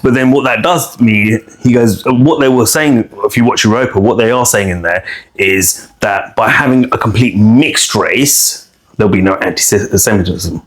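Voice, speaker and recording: Animated man, lowish voice. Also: moderate pace. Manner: animated, repeats words, slangy. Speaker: podcast host. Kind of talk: casual chat.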